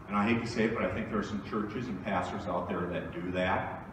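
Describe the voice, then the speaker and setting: A man's voice: low voice, steady tone, a little fast, noisy background. A male pastor preaching a sermon in a conversational style, asking his congregation rhetorical questions. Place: church sanctuary. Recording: echoey church hall from far off.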